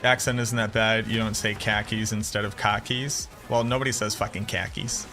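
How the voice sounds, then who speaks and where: A man's voice: on the low side, steady tone, fast, bright, forceful tone. Blunt, profane Boston-accented male streamer. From Boston area, USA. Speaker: gaming streamer. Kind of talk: casual livestream chat with viewers. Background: game music.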